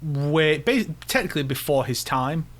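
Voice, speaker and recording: A man's voice: a little high, animated. A man co-hosting a casual gaming podcast who often stumbles and repeats words as he gets going. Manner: halting, repeats words as he starts sentences. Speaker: podcast co-host.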